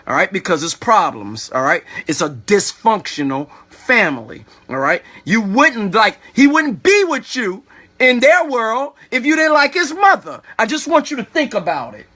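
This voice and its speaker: A man giving a motivational talk to his online viewers, preachy and animated, who keeps asking "all right?" and telling them to think about it. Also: high voice, moderate pace. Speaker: online video host.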